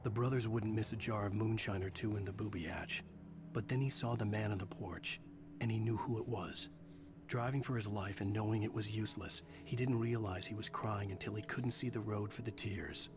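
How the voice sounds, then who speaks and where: An actor playing a weary, brooding male writer who narrates a video game in a dry, measured, somber way. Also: fairly low pitch, steady tone, natural voice. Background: game music.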